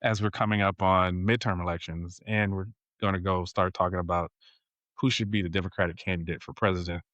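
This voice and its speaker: A middle-aged man hosts a family podcast in an easygoing, joking way. His voice sits on the low side and sounds close and dry. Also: steady tone, brisk, fairly bright tone, no room sound, muffled recording. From rural Virginia, USA. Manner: laid-back, joking, chuckles often. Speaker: podcast host and father. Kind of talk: casual family podcast chat.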